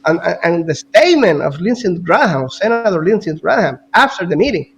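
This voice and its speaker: A man talking as a guest analyst in casual political commentary, animated, repeating words and now and then coughing. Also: sits high, fairly quick, vocal fry, slight background noise, low-quality recording.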